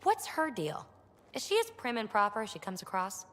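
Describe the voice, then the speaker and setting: Brief: curious young scientist, wry and animated. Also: female voice, mid-range voice, moderate pace, in a large hall. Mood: inquisitive.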